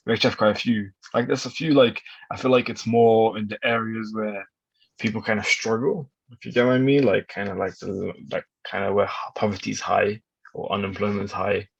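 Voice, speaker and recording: Gravelly young man on a dull line. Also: lowish voice, fairly even intonation, brisk, no echo. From United Kingdom. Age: young adult. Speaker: podcast guest. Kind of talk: casual chat.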